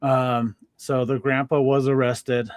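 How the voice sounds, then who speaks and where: A man hosting a casual sports talk show, chatting in an animated way with lots of fillers and laughs. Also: medium pitch, slow pace, dry recording, clean studio sound. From Denver. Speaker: podcast host. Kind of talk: casual chat.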